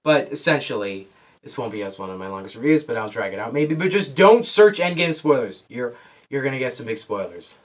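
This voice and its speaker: A teenage boy giving a casual, rambling movie review, excitable and full of restarts. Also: medium pitch, brisk. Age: teens.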